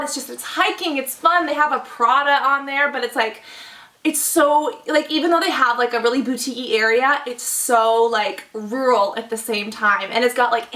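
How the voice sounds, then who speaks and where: A woman's voice: high voice, sharp tone, reverberant, far from the mic. A young woman vlogger in casual chat, gushing and chatty with lots of likes and oh-my-gods.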